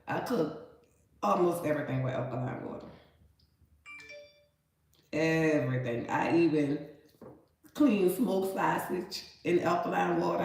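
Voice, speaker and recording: A woman, chatting folksily to viewers while she cooks and cleans meat in her kitchen. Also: fairly low pitch. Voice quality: nasal. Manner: chatty, folksy, calls viewers baby and honey. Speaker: cooking vlogger. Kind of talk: casual cooking talk to viewers. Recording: very echoey room.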